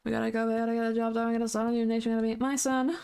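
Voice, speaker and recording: Chatty woman streamer with a higher voice, greets viewers by name mid-game, hums between lines. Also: level tone, racing, creaky, darkish tone, smooth. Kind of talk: casual live-stream chat while playing a game.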